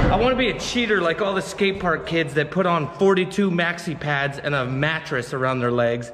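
A skateboarding vlogger with a fairly high voice talks at normal speed with few pauses, casually walking through a trick in an indoor skate park. He's frustrated and swears often, and the echoey hall gives long reverb and faint noise to this casual tutorial vlog.

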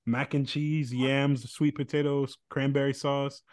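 A man co-hosting a podcast, chatting casually with playful, excitable, jokey banter. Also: medium pitch, unhurried, dry recording, studio quality. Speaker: podcast co-host. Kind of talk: casual chat.

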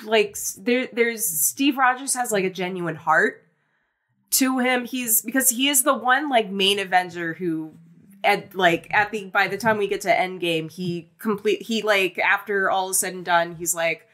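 A woman co-hosting a podcast, talking in a chatty, casual way with many fillers, restarts and lively bursts of emphasis. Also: mid-range voice, measured pace. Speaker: podcast co-host.

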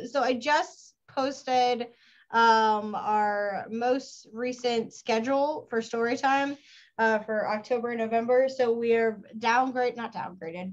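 A woman hosting a storytime stream, chatting casually and announcing upcoming dates with fillers and quick self-corrections. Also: on the high side. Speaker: storytime host. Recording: dull lo-fi online stream audio.

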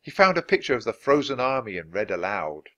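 A man narrating a children's storybook aloud, expressive and switching voices for each character. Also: medium pitch, brisk, highs cut off. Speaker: audiobook reader.

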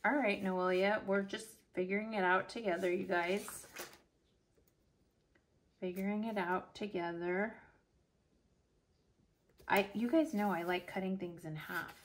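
A woman's voice: mid-range voice, measured pace, long pauses, slight background noise. Chatty middle-aged woman vlogging at home. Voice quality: animated, chatty, drops to murmurs while working. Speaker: planner vlogger. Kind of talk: chatty storytelling while decorating a planner.

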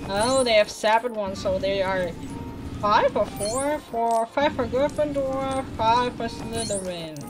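A woman casually commenting on a video game as she plays, chatty and easily excited, talking to the characters on screen. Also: on the high side, slow pace, music in the background. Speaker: let's play gamer.

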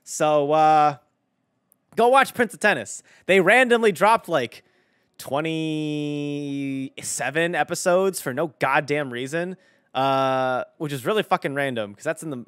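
A man's voice: fairly high pitch, lively intonation, measured pace, fairly bright tone, smooth, no room sound, studio quality. A young man streaming casually as a voice director. He rambles and swears, with lots of fillers. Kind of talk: casual stream chat while playing.

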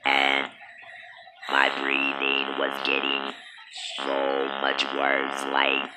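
A woman tells a personal story at a slow, unhurried pace, and her voice stays low and level. She talks in a halting way with many pauses and fillers. Loud background noise runs under the recording. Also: monotone. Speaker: vlogger telling her birth story.

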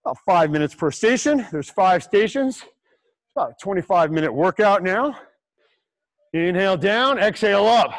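A man's voice: high voice, lively intonation, moderate pace, no echo, low-quality recording. A man coaching a livestream workout, breathless and encouraging, counting down reps. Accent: American. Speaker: fitness coach.

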